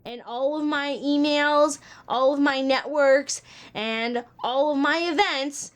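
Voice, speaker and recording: Woman, twenties, high voice, chatty, exasperated, casual vlog talk. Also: takes it slowly. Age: 20s. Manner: chatty, exasperated, laughs between lines. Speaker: vlogger.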